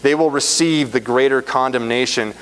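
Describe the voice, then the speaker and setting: Man, preacher, sermon, earnest, emphatic, mid-pitched voice, long reverb. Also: normal speed, a bit bright, clear, resonant tone. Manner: earnest, emphatic, repeats phrases for stress. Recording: reverberant hall, faint hum.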